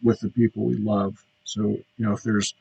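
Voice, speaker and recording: A man hosting his podcast, talking through a reflective solo monologue with frequent pauses and fillers. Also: lowish voice, flat delivery, creaky, mellow, slightly rough, highs cut off. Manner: reflective, halting with many fillers. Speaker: podcast host.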